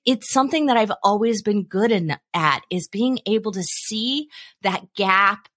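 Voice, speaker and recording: A woman answering interview questions, telling lively stories and acting out the dialogue she quotes. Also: medium pitch, moderate pace. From South Africa. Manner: animated storyteller, acts out quoted dialogue. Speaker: podcast guest.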